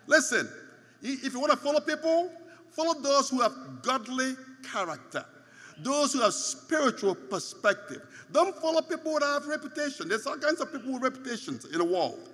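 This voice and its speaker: A man's voice: very high voice, bright, forceful tone. A man preaching a sermon, stressing points by repeating phrases, heard in a large church hall. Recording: long hall reverb.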